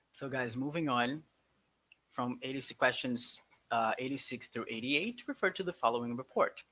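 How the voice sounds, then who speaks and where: A man's voice: mid-range voice, normal speed. A man teaching English, walking a class through test answers in an emphatic, coaxing way. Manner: lively, emphatic, coaxing students along.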